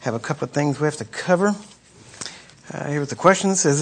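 A middle-aged man preaching an informal sermon. He talks to his listeners in a conversational way, asks "right?" again and again, and often clears his throat. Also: fairly high pitch, lively intonation, a little fast. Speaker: preacher teaching on deliverance.

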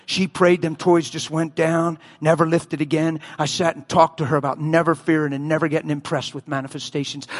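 A man preaching a sermon as a story, animated, acting out voices and screams and often laughing. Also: fairly high pitch.

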